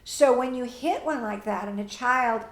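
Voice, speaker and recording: A woman's voice: on the high side, moderate pace, reverberant. A woman teaching parents and answering audience questions, plainspoken and direct, often acting out what parents and children say.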